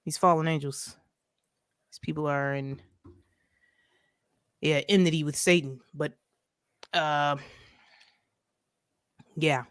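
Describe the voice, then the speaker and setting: Low-pitched, steady and resonant, the co-host takes her time and pauses often while ranting casually over a video call, driving points home with repeated "right?"s. The sound is clear, studio quality, with no echo.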